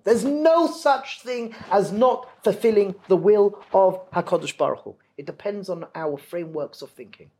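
A man telling a story with animated delivery, dropping to a hush and then rising loud and high. His pitch roams widely as he acts out the tale. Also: breathy edge. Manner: animated, swings from hushed to loud. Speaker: guest storyteller.

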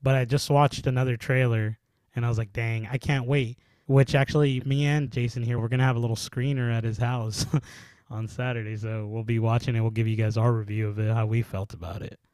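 A man co-hosting a podcast, talking about movies in an animated, laughing way with plenty of fillers. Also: mid-range voice, a little fast, smooth, no room sound. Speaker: podcast co-host. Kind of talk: casual chat about movies.

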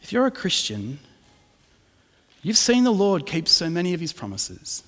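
A middle-aged preacher with a fairly high voice, mixing chatty, self-mocking stories with earnest preaching. His voice carries a long reverb, as if heard in a church hall. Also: wildly swooping pitch, normal speed, sharp tone. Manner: chatty, self-deprecating storytelling that turns earnest. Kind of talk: sermon with personal anecdote.

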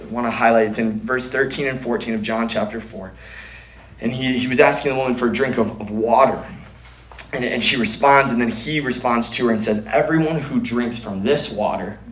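A man's voice: mid-range voice, echoey room, rough recording. A man preaching a sermon at a church gathering, earnest, often restarting and repeating words.

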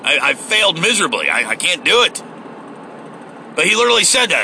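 Guy venting in his car, swears a lot, sarcastic, sharp bright voice. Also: a little high, sing-song, a little fast, creaky, slight background noise, poor audio. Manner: profane, sarcastic, heated ranting. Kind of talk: ranting political monologue.

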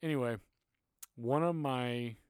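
A man's voice: medium pitch, slow pace, smooth, dry recording, clean studio sound. A man from Texas, without a Texas accent, telling an earnest, self-deprecating story in a casual faith conversation.

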